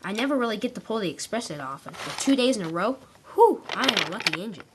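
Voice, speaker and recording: A woman voicing an eager, excitable male train engine in a homemade toy-train story. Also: on the high side, quick pace, noisy background, voice pushed up. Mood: cheerful.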